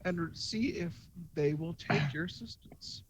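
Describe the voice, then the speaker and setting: A man playing a tabletop game, speaking in character as a formal, measured starship commander. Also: fairly high pitch, slight background noise. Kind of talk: in-character role-play.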